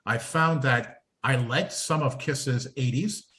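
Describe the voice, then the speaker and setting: A man's voice: mid-range voice, slow, fairly bright tone. A man on a podcast panel, giving blunt and strongly opinionated views in a casual talk.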